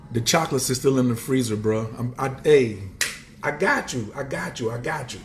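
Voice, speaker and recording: A man's voice: normal speed, background noise. A man hosting a casual motivational livestream, talking in streetwise slang and greeting viewers in the chat. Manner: animated, swings up and down in pitch. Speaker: livestream host and motivational speaker.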